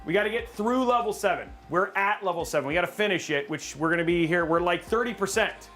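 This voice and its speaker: A man hosting a casual livestream, rambling and excitable, joking about himself. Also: high-pitched, fast talker, faint music behind. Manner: excitable, rambling, self-mocking. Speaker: livestream host.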